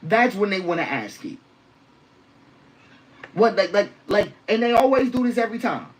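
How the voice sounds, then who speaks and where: A woman's voice: medium pitch, big pitch swings, normal speed, poor audio. A woman delivering spoken-word style commentary, emphatic and rhythmic, repeating phrases for weight.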